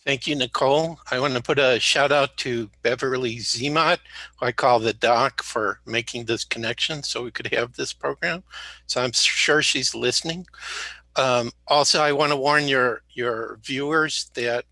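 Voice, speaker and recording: A slightly sick man chatting as a guest in a bright, tense-edged voice. He rambles, tells jokes and backtracks mid-sentence. The sound is dry and close, with no room behind it. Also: medium pitch, moderate pace, no echo. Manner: rambling, jokey, self-correcting. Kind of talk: casual interview talk.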